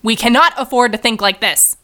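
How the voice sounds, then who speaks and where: A young woman in a comedy sketch, playing her own dry, bossy, logical side in a deadpan way. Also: fairly high pitch, a little fast. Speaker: comedic performer.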